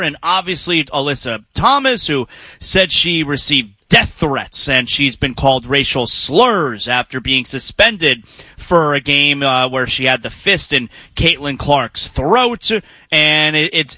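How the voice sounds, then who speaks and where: Bright, dry-voiced sports radio host man. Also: fairly high pitch, animated, dry recording. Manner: conversational, trails into quick asides. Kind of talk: casual sports radio chat. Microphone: studio microphone.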